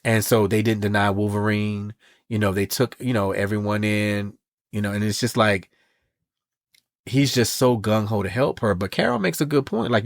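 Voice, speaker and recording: A man co-hosting a podcast, casually recapping a comic book story in a sassy, animated way. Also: lowish voice, moderate pace, no echo, clean studio sound. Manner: animated and sassy, reads quotes in voices. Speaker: podcast co-host.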